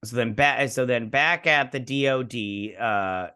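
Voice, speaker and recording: A man's voice: medium pitch, unhurried, pushed and bright, clean tone. Young male host, casual episode recap, rambling storyteller, mid-range voice. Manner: rambling retelling, quoting characters with "he's like". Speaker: show host.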